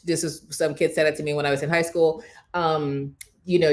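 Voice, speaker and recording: Emphatic woman, slightly low voice. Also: flat delivery, normal speed. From Jamaica. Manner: emphatic, preacher-like, scripture-quoting. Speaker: morning show host. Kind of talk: motivational talk.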